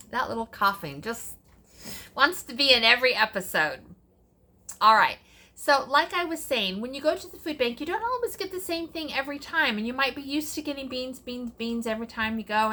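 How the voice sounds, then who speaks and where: A middle-aged woman with a high, sharp voice hosts a relaxed cooking vlog. She chats as she works, dropping sassy asides along the way.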